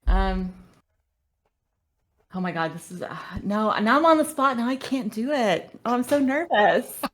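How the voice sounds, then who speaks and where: A woman co-hosting a livestreamed podcast, bubbly and quick to laugh, easily flustered. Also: mid-range voice, animated, a bit bright. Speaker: podcast co-host. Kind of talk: casual livestream chat.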